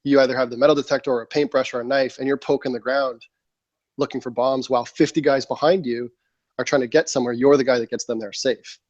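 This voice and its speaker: A man's voice: mid-range voice, quick pace, dry recording. A man in his thirties, a military veteran guest on a podcast, telling a long story in casual talk, acting out his own quotes with plenty of fillers. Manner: animated storyteller, acts out quotes, frequent fillers. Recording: slightly muffled dry studio mic.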